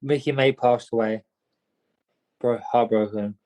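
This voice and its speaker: A man's voice: medium pitch, steady tone, measured pace, darkish tone, low-quality recording. Young man telling rambling stories. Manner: rambling, repeats words, many "mate" and "do you know what I mean". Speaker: guest, boxer. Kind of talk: casual storytelling.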